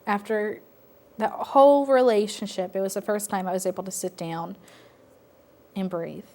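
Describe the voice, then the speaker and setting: A woman telling her personal story in a reflective, halting way, with frequent pauses and fillers. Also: medium pitch, steady tone, darkish tone. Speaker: interviewee sharing personal story. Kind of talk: personal testimony.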